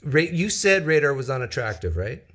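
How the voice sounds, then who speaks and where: A man's voice: mid-range voice, big pitch swings, normal speed, fairly bright tone. A man hosting a call-in show, bantering and teasing his guest. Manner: teasing, self-mocking banter. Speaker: host. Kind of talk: casual chat.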